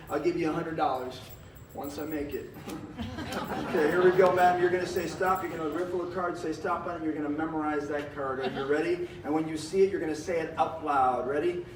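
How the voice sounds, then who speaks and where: Man, folksy showman patter, chuckling, fairly high voice, distant mic, echoey room. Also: steady tone, fairly quick. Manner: jokey, chuckles often, cowboy-flavored folksy talk. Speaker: magician and variety performer. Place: live stage show with audience. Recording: roomy, distant, with faint noise.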